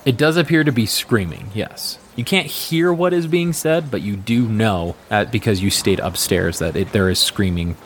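A man with a lowish voice running a tabletop game as game master, describing scenes casually and restarting now and then. Faint noise sits under the recording. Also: normal speed, hardly any pauses. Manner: descriptive, casual, slightly stammering.

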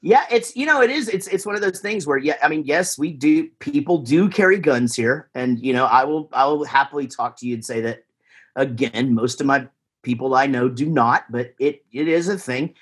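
Husky and mid-range, this man's voice moves at normal speed as he chats casually on a podcast as a guest musician from Texas. He rambles in an easygoing way, full of fillers and restarts.

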